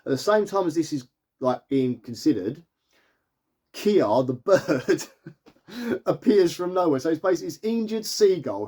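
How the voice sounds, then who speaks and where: A man with a slightly high, darkish voice rambles through a casual film review, packing in fillers and laughing easily as he chats.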